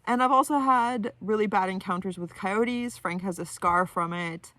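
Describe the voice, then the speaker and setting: A woman telling a story in a casual vlog, animated, with many "like" fillers. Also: medium pitch, moderate pace, dry recording. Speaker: vlogger. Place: in her van.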